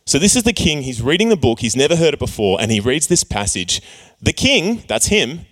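A young man preaches a relaxed youth sermon. He is chatty and playful, and now and then he slips into jokey character voices as he talks the audience through slides. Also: medium pitch, normal speed. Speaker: youth pastor.

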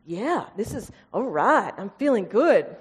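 A woman's voice: medium pitch, sing-song, unhurried, breathy edge, full character voice. A woman voicing a self-satisfied male prophet who is breezy and pleased with himself. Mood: smug.

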